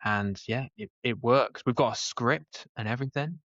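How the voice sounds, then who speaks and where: A man's voice: medium pitch, moderate pace, a bit bright, dry recording, muffled recording. A man, chatting and joking as a podcast co-host. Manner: laughing, jokey banter. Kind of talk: casual chat.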